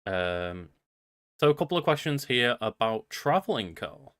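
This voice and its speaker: A man's voice: medium pitch, sing-song, a little slow, fairly bright tone, smooth, no echo, clean studio sound. A man co-hosting a podcast in rambling, sweary casual chat full of fillers. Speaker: podcast co-host.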